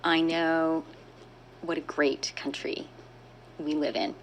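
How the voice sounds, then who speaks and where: A woman from Canada, a finance minister answering press questions in a measured way, pausing with fillers. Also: low voice, level tone, gravelly, a little hiss or hum, rough recording.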